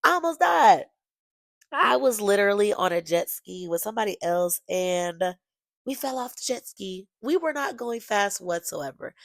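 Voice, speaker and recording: Young woman podcaster gushing to her listeners, bit of vocal fry, dry close sound. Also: mid-range voice, moderate pace, dry recording. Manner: animated, gushing, talks straight to listeners. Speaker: podcast host. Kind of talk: casual storytelling monologue.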